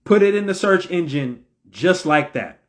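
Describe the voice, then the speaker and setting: Man, preachy and repetitive, fairly high-pitched, impassioned monologue. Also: lively intonation, measured pace. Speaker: religious commentator.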